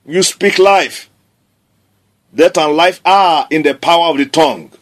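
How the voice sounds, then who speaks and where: A man's voice: fairly high pitch, measured pace. A man preaching a sermon, declaring scripture emphatically and repeating key phrases.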